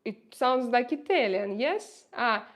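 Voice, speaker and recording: A woman's voice: a little high, lively intonation, takes it slowly. A woman with a Russian accent hosting a casual livestream, chatting, reading viewer comments aloud and answering them, often laughing. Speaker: livestream host.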